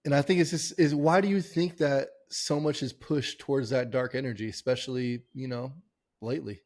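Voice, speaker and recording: A man of average pitch hosts a casual podcast interview. He is upbeat and loose, and his questions wander through fillers and restarts before they land. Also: steady tone, moderate pace, a little mellow. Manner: enthusiastic, filler-heavy, rambling questions. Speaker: podcast host.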